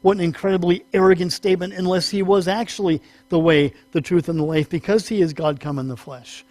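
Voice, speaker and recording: A man with a somewhat high voice teaches scripture from the pulpit in a talky, self-correcting way. His voice climbs when he presses a point. The recording is dry and close, with a faint mains hum underneath. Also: steady tone, brisk, a little mellow, no room sound. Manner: conversational, self-correcting, rises in pitch for emphasis. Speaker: pastor. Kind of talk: sermon teaching.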